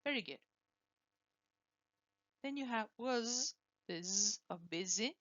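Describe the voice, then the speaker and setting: A woman teaching English pronunciation, slowly and deliberately modelling words for students to repeat. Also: on the high side, lively intonation, fairly bright tone, no room sound, muffled recording. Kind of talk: pronunciation lesson with drills.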